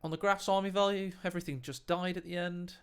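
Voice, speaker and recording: High-voiced excitable man casting a game. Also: fast, clean tone. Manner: animated, bursts into loud excited laughter. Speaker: game caster, channel host.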